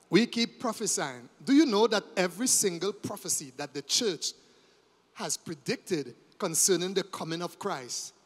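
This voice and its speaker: A man preaching a sermon, telling the story dramatically and swinging from hushed tones to shouting. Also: high-pitched. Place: church. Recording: long church reverb.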